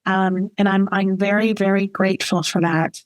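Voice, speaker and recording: A woman's voice: medium pitch, little pitch movement, normal speed. A middle-aged woman sharing her recovery story in a personal testimony talk, earnest and reflective, often repeating phrases for emphasis.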